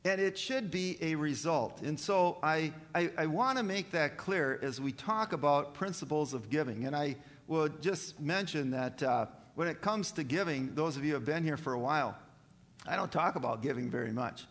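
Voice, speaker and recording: A man preaching a sermon to his congregation, talking in a halting way with many fillers and restarts. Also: a little high, animated, fairly bright tone, big-room sound. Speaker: pastor. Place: church.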